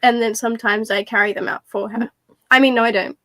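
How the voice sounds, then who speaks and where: A young woman telling stories in casual chat, animated and swearing, mimicking other voices. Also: a little high, fairly quick, no room sound. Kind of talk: casual storytelling.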